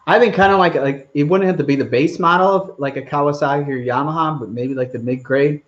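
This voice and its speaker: A man's voice: fairly high pitch, a little fast, hardly any pauses, lo-fi sound. A man hosting a live stream Q&A outdoors, rambling casually as he reads out viewer comments. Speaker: channel host.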